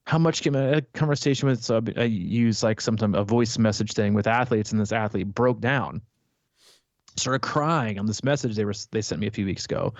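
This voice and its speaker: A man's voice: lowish voice, moderate pace, no room sound. Rambling man, dull dry podcast sound. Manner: rambling, many fillers and restarts. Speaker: triathlon coach and podcast host. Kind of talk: casual podcast chat.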